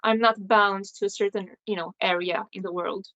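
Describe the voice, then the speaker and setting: A woman hosting a casual video call interview, listening attentively with soft agreeing sounds and adding her own experiences. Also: mid-range voice, fairly even intonation, normal speed, muffled recording. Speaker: host.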